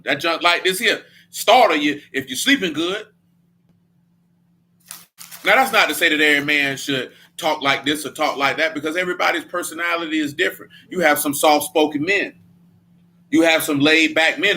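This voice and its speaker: A man's voice: fairly high pitch, sharp tone. A man leading a Bible study in a casual preaching style, blunt and emphatic, with a lot of slang.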